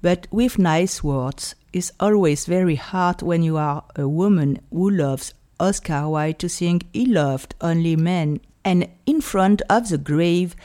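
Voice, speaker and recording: A woman's voice: on the low side, warm tone. A woman with a French accent hosting a podcast, speaking earnestly and choosing her words with care. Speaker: podcast host. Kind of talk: podcast monologue.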